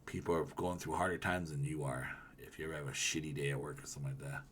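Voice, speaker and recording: A man streaming live, chatting casually with his viewers and reading their comments, rambling and swearing, with loud ranting bursts. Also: rumbling low, fairly even intonation, fast talker, a little hiss or hum. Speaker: livestreamer.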